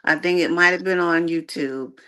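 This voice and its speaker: A woman's voice: on the low side, moderate pace, bright, forceful tone. A woman co-hosting a casual talk show, speaking emphatically and with strong opinions. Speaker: podcast co-host. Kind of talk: casual chat.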